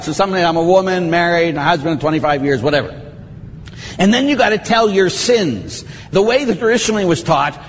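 A middle-aged Catholic priest gives a conversational teaching on confession, acting out what penitents say in a lively, plain-spoken way. His voice is a little high, and he's in a large hall with slight background noise.

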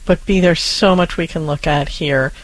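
A co-host giving calm, reassuring parenting advice and speaking directly to a listener. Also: medium pitch, moderate pace, poor audio. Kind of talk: casual advice chat.

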